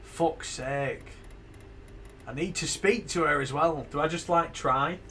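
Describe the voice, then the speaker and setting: A man's voice: on the high side, slow pace, pushed and bright, a little hiss or hum. A man casually live-streaming a game, thinking aloud, swearing freely and laughing. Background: game music.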